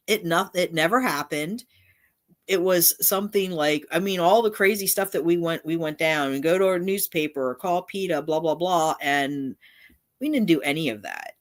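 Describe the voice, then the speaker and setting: A middle-aged woman hosting a casual livestream, talking in a rambling way with many restarts and asides. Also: mid-range voice. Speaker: channel host.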